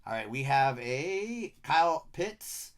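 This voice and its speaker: A middle-aged man from Michigan, USA, with a Michigan accent hosts a live card-break stream, rattling off player names in upbeat, chatty patter. His medium-pitched voice moves slowly and swings widely in pitch.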